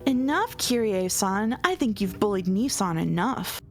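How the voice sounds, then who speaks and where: A woman's voice: medium pitch, animated, moderate pace, natural voice. A woman voicing a sly middle-aged aristocratic woman in a visual novel read-through, sickeningly kind in tone. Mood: falsely kind. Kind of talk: dramatic reading of a visual novel. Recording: music playing behind.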